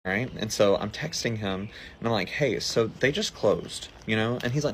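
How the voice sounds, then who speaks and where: Guy with a lowish voice annoyed retelling a date, faint hiss behind. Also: normal speed. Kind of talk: storytime narration.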